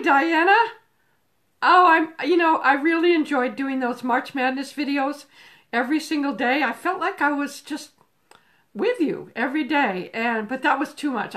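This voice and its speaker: A woman's voice: high voice, a bit bright. An older woman hosting a casual live stream from home, chatting and greeting viewers by name into a phone camera. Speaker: livestream host. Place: home room with a table. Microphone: phone camera on a table.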